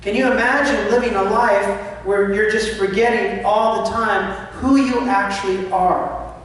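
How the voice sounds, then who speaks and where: High-voiced man preaching in echoing hall. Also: steady tone, a little slow, fairly bright tone. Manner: impassioned, acts out anxious inner voices. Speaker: spiritual speaker. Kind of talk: sermon. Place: large church hall. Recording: distant mic in a reverberant hall with faint noise.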